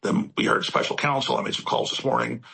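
A man's voice: mid-range voice, quick pace, creaky, pushed and bright, slightly rough. A male host delivering a rambling, emphatic political commentary monologue, piling up repetitions as he talks. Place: studio in Central Texas.

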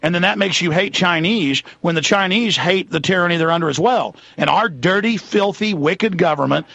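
Ranting high-voiced radio host. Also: male voice, moderate pace, gravelly, a bit bright, no room sound, highs cut off. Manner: ranting, heated, hammering lists. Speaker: radio talk show host. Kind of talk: angry talk radio monologue.

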